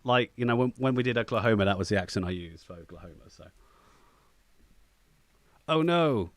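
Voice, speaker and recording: Chatty and quick to poke fun at himself, a male gaming streamer gives casual commentary on the game he's playing. His voice sits on the low side, he speaks at a racing clip, and the recording is dry.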